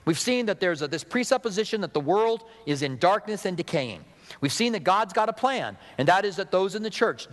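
A middle-aged man preaching in a slightly high voice, his words carrying a long hall reverb. He talks to the congregation in a relaxed, conversational way, breaking into chatty asides and acting out quotes. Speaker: pastor. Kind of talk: sermon.

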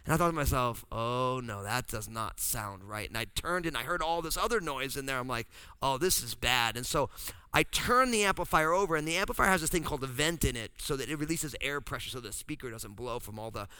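A pastor from New Jersey telling a funny family story in a sermon, acting out the voices of the people in it. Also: male voice, mid-range voice, a little fast, smooth, dry recording. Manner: animated, acts out voices in his story.

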